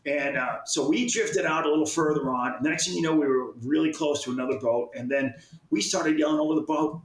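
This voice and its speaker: A man's voice: on the high side, fast talker, reverberant, rough recording. A man, a fishing magazine publisher, telling a long story in casual chat, rambling along and restarting his sentences often. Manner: rambling, with many restarts and repeated words.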